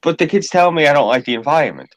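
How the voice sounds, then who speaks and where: A man's voice: fairly high pitch, lively intonation, fast talker, slight background noise, low-quality recording. A man in casual podcast chat, telling stories in a blunt, profane way.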